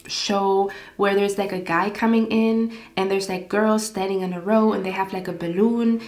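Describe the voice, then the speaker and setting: A woman giving a casual tarot reading, rambling and getting heated, swearing often. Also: medium pitch. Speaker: tarot card reader. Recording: echoey room, faint background music.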